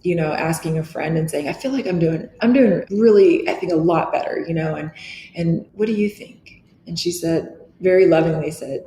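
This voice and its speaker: Earnest middle-aged woman, low voice. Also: normal speed, mellow. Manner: earnest, reflective, restarts often. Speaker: guest. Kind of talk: candid interview talk. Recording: echoey room with faint noise.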